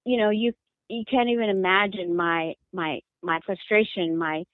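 A mother giving an emotional interview, halting and repeating her words in distress. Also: mid-range voice, steady tone, dry recording. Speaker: mother of a missing daughter, interviewee. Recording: tinny phone line.

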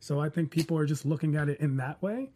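On a casual panel, a man lays out opinionated arguments in numbered points. His voice runs on the high side with a warm tone, and he talks fast.

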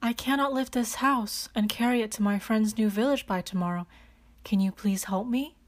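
A woman's voice: on the high side, moderate pace, close to an everyday voice. A woman voicing a tearful strong dwarf. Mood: pleading. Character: strong young male dwarf, tearful and polite.

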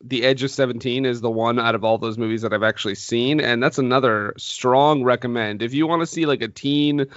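A man with a mid-pitched voice co-hosts a relaxed film podcast. He teases his partner and laughs often, in an easy, playful way. The recording is close and dry but somewhat dull. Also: brisk, hardly any pauses, no echo. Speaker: podcast co-host. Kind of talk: casual film podcast chat.

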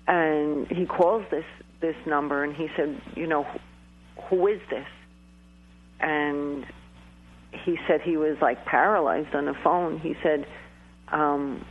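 A man's voice: a little high, slight background noise. A man, a guest psychic medium, telling a personal story on a call-in interview in a rambling, hesitant way full of restarts. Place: calling in from home in New York. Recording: tinny phone line.

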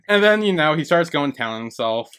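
A man's voice: on the high side, very noisy. A man co-hosting a casual podcast, retelling scenes and breaking into giggles. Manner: giggly storytelling, breaks into laughter. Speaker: podcast co-host. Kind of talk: casual recap chat.

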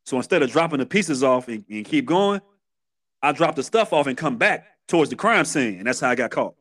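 A man's voice: medium pitch, sing-song, brisk, fairly bright tone. A man in his thirties from Chicago with a Chicago accent, a podcast guest retelling his past in candid, streetwise storytelling with many restarts. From Chicago, USA.

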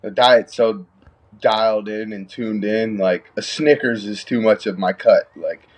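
A man's voice: lowish voice, unhurried. A young man, a pro fighter, talking in a laid-back, slangy way. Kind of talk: casual chat.

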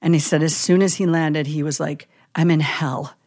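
A woman chaplain telling a vivid story in a casual podcast chat, animated and full of "like" and "you know". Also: low-pitched, moderate pace.

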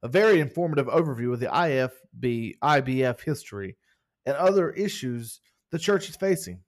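A man's voice: medium pitch, expressive, a little fast. A man co-hosting a casual podcast, playful and joking as he reads reviews. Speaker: podcast co-host.

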